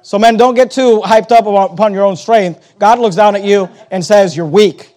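A high-pitched man preaching to his congregation. He is emphatic and conversational, repeating key phrases for weight and speaking straight to the listeners in the pews. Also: fairly even intonation, moderate pace, a little mellow. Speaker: pastor. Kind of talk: sermon.

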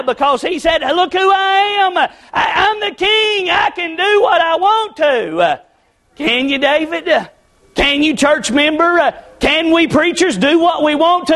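A middle-aged man preaching a sermon, swinging between shouts and hushed pleading. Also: very high voice.

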